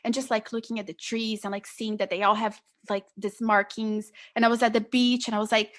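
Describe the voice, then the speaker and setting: Brief: young woman podcast guest, slightly higher pitch, earnest, rambling storyteller full of fillers. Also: little pitch movement, brisk, a bit bright. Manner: earnest storytelling, many fillers like "like" and "you know". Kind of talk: casual conversational interview.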